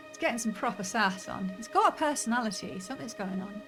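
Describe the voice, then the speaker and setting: A woman's voice: on the high side, animated, fast talker. Chatty woman streamer thinking aloud. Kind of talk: let's play commentary. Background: faint game music.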